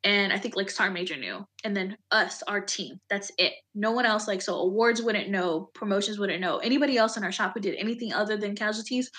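An American Army veteran, a woman with a bright, clear, mid-range voice, retells a painful memory as an interview guest. She speaks candidly, plainly and with emotion, her sentences full of pauses and small fillers.

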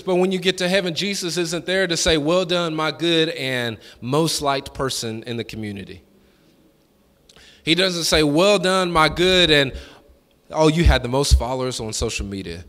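A man preaching a sermon as pastor, with folksy, colloquial phrasing and call-and-response lines that build to fervent shouting. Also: fairly high pitch, long reverb tail. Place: church sanctuary.

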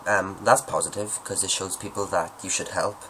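Man, very low voice, casual vlog Q&A, joking and self-deprecating, faint background hiss. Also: steady tone, normal speed, bright, forceful tone, rough recording. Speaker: vlogger answering viewer questions. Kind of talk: casual Q&A monologue.

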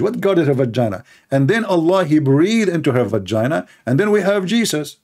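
A man's voice: on the high side, very animated, fairly quick, few pauses, a little mellow. Sarcastic man in emphatic commentary. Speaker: religious debater. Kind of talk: polemical commentary.

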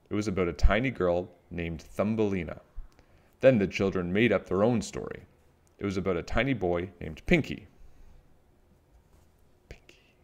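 A man reading a children's book aloud, animated and expressive with playful sound effects. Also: deep voice. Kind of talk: storybook read-aloud.

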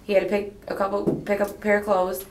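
A woman's voice: medium pitch, completely flat delivery, quick pace. Rambling young woman in a roomy interview room. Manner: rambling, hesitant storytelling. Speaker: witness being questioned. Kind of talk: police interview. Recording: roomy archival interview recording.

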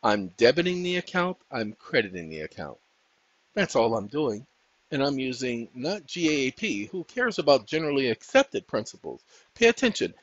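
A man hosting his own channel, talking viewers through a casual tutorial in a folksy, preachy way, often calling them ladies and gentlemen. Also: mid-range voice, slightly rough, dry recording. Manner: breaks off to talk to his dogs. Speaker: channel host. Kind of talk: casual screen-share tutorial. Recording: dull dry lo-fi sound.

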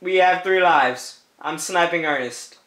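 A high-voiced man narrates a gaming session in a slow, unhurried way, his tone bright and sharp. He teases his fellow players, laughs often and repeats goofy calls. The voice rings in a roomy, echoey space. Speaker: gameplay commentator. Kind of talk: playful let's-play commentary.

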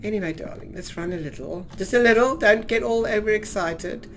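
A man's voice: sits high, a little fast, a bit bright, a little hiss or hum. Campy drag queen narrating gameplay. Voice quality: slightly husky. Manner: camp and theatrical, calls listeners darling. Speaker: drag queen gaming streamer. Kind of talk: casual gameplay commentary. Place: in a trailer.

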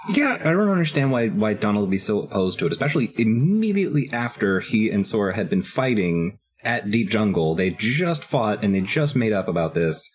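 A man's voice: lowish voice, very animated, a little fast, hardly any pauses. A young man co-hosting a casual podcast, making dry, wry asides. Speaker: podcast co-host. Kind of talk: casual chat.

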